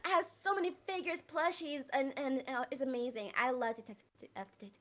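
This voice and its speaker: A woman talking as a guest on a casual podcast, an enthusiastic storyteller who stammers when excited. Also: sits high, a little fast. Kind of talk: casual chat.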